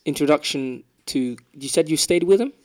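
A man's voice: a little high, moderate pace, darkish tone. A man interviewing a guest, asking probing follow-up questions in a casual chat.

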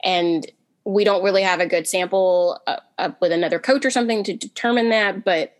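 Chatty woman, quick and full of restarts. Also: medium pitch. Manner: talks fast in bursts with many restarts and fillers. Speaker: podcast panelist. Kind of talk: casual chat.

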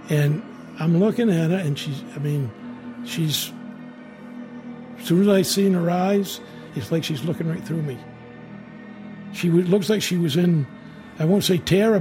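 Halting, rambling man telling a ghost story. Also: fairly high pitch. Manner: rambling, halting, with many restarts and repeated words. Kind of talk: spoken ghost story, first-person recollection.

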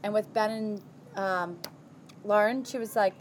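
A woman's voice: mid-range voice, measured pace, slight background noise. A young woman in casual group chat, making an earnest point and repeating it.

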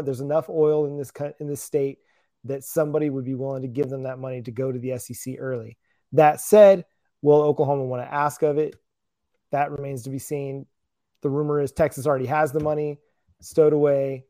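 A man's voice: mid-range voice, flat delivery, fairly quick, mellow, no echo, clean studio sound. A man as a guest on a sports podcast, talking casually and hesitantly, often correcting himself.

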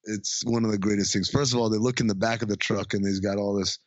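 A man in casual chat, retelling a movie scene by scene, acting out the lines in quick funny voices and laughing often. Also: on the low side, fairly even intonation, no echo. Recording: dry, dull lo-fi sound.

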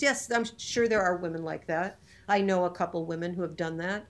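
A woman's voice: on the low side, a little fast, hardly any pauses. A woman in her fifties talking in a casual chat, impassioned and indignant, pressing her points with emphasis.

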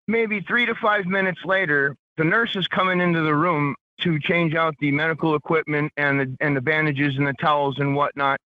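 A man's voice: fairly high pitch, no room sound. Man telling a wild story over a muffled line. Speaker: caller. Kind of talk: casual storytelling.

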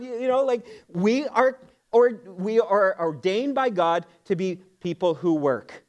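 A middle-aged pastor delivering a sermon in a church sanctuary. His voice sits high for a man, and he preaches earnestly and emphatically, mixing in homely jokes and friendly asides. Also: animated, unhurried, darkish tone.

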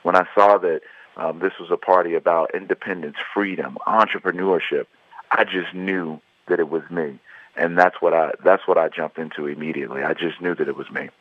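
A man's voice: deep voice, fairly even intonation, fairly quick, no echo. A man from Chicago, a guest author, telling his life story earnestly in an interview. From Chicago, USA. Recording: tinny phone line.

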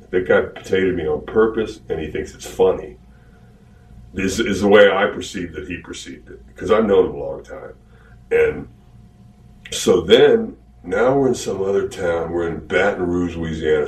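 A man with a very deep voice tells a rambling story in an easy, casual way. The sound is roomy and echoey, as if he sits some distance from the microphone, and a faint hiss runs underneath. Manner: rambling, animated retelling. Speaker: wrestler telling a story. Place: archived interview played on a podcast.

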